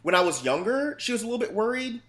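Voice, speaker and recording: Animated, profane man telling family stories. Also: very high-pitched, fast talker. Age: 30s. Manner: loose, profane, animated storytelling. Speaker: podcast guest. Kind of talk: casual chat.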